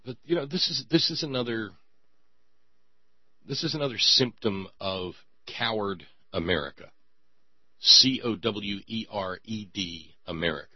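A man's voice: on the low side, unhurried, dry recording, lo-fi sound. A man hosting a talk radio show, giving sarcastic commentary with sighs and stammered repeats.

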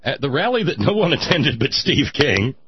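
Male talk host, sardonic monologue, animated delivery, dry close sound. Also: mid-range voice, normal speed, breathy edge, no echo, lo-fi sound. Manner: sardonic, mocking, dry asides. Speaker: political commentary host. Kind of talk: sarcastic political monologue.

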